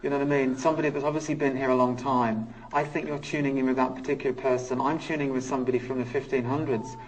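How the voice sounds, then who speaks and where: A man working as a psychic medium on a live ghost hunt, talking in halting bursts and repeating his words. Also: mid-range voice, little pitch movement, far from the mic, slight background noise, rough recording. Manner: halting, repeats words, speaks of feeling panic and anger. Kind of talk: live paranormal investigation.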